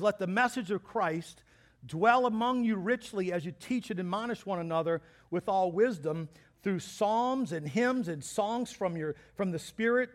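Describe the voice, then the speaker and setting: Brief: man, high voice, pastor giving a sermon, animated and playful, acts out quotes. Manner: lively, joking preacher who acts out quotes.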